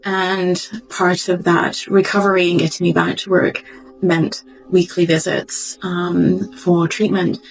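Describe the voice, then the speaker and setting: A woman doctor giving a reflective, heartfelt personal testimony, pausing and searching for words as she goes. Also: lowish voice, little pitch movement, vocal fry, poor audio. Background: faint background music.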